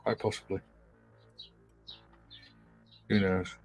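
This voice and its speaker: A man with a very low voice chats as a guest on a livestream. He talks in a relaxed way with dry humour. Faint music plays in the background. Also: slow, slightly rough, no echo. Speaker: guest model builder. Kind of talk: casual livestream chat.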